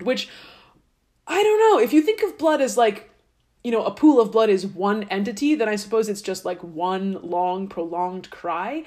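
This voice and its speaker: A woman's voice: mid-range voice, animated, normal speed, darkish tone. A woman podcast host retelling old stories in a casual, sarcastic, playful way. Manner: sarcastic, chatty, playful asides. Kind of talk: casual irreverent storytelling.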